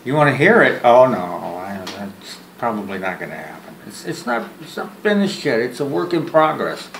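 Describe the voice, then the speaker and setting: A man's voice: medium pitch, sing-song, normal speed, creaky, fairly bright tone, slight background noise. Joking man on a roomy call. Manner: joking, rambling, self-deprecating, repeats words. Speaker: vlogger. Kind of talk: one-sided phone chat to camera. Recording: roomy with faint ambience.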